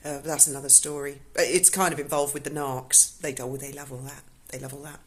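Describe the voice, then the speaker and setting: A woman tells a personal story in a casual, unscripted way. Her voice sits low, and her delivery is blunt and emotional, with free swearing. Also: little pitch movement, fairly quick. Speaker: vlogger telling a personal story.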